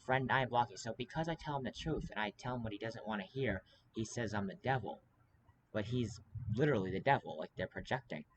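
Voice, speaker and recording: A man's voice: fairly low pitch, animated, fairly quick, slight background noise, rough recording. A man talking to camera in a rambling, urgent way, full of fillers and restarts. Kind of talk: casual monologue to camera.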